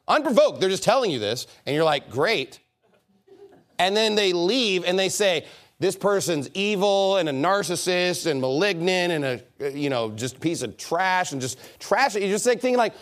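A pastor preaching a sermon in a church, conversational and lively, acting out little bits of dialogue. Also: male voice, high voice, normal speed. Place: church sanctuary.

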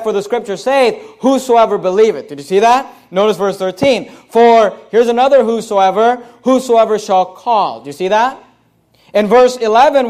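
A high-voiced man preaching to his church. He reads scripture aloud and leans hard on repeated phrases, stretching words for emphasis, with the odd filler and restart between points. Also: darkish tone. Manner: emphatic, repeats key phrases, reads verses in King James wording. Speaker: pastor. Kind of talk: Bible-study sermon.

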